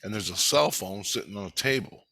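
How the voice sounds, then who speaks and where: A man's voice: on the low side, lively intonation, brisk, vocal fry, pushed and bright, no room sound. A man talking in a rambling, profane monologue about a dream he had.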